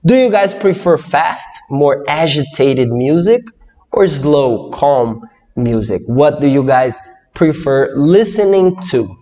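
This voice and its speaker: Young Brazilian man teaching English live, unhurried delivery, reverberant room. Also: on the high side. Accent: Brazilian Portuguese. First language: Portuguese. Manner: slow, lively, reads viewer comments and asks questions. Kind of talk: live online English lesson. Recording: dull lo-fi audio with long reverb.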